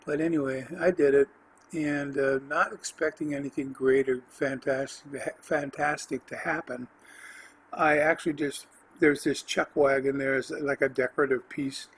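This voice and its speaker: A man hosting a podcast, telling his personal faith testimony in an earnest, rambling way, with restarts and the odd throat clearing. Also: mid-range voice, little pitch movement, moderate pace, a bit bright, rough recording. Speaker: podcast host.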